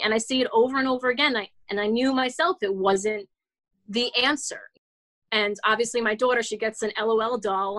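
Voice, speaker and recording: A woman's voice: on the high side, fairly bright tone, low-quality recording. A woman in her forties, a children's author, telling her story as an interview guest in a casual, earnest way, with many restarts and "like" fillers. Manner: rambling, frequent "like" fillers and restarts.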